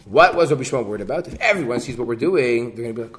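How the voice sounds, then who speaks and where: A man teaching a Talmud class, reading the Aramaic text and explaining it in English with a lively delivery. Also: mid-range voice, rapid-fire, hardly any pauses, a little hiss or hum. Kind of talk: Gemara class.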